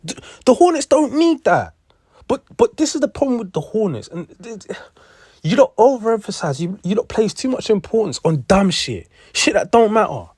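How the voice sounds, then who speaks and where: A man's voice: high voice, big pitch swings, moderate pace, a little mellow, slightly rough, no room sound, studio quality. A young man, ranting in heated sports commentary, repeating himself and swearing. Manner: heated, repetitive, profane.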